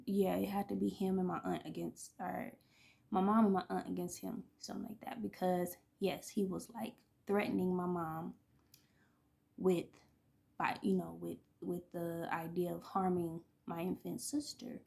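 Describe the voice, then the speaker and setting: A woman in her thirties, an oracle reader and vlogger, rambles casually through personal stories, laughing often and sometimes sinking almost to a whisper. Her voice sits fairly low, creaky and a little mellow, with a flat delivery at a moderate pace.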